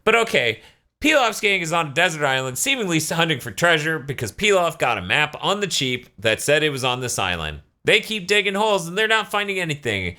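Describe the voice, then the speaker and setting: A man's voice: fairly high pitch, big pitch swings, brisk, pushed and bright. A man co-hosting a casual podcast, sarcastic and profane, mocking the show and acting out characters in silly voices. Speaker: podcast host.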